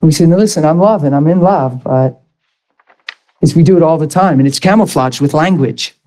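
A pastor delivering a sermon in a high, bright-toned man's voice. He talks to the congregation like a friend, mixing heartfelt preaching with chuckles and quick acted asides. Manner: passionate, conversational preaching with laughs and acted asides.

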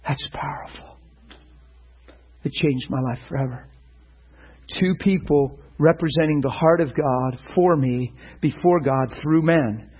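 Brief: middle-aged male preacher, husky, fairly high voice, earnest and animated. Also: unhurried, muffled recording. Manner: earnest, animated, with stumbles and repeated words. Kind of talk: sermon-style teaching.

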